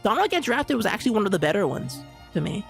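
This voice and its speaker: A live streamer in casual chat, rambling and excitable, with lots of stammered restarts. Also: mid-range voice, fast talker, gravelly, soft background music.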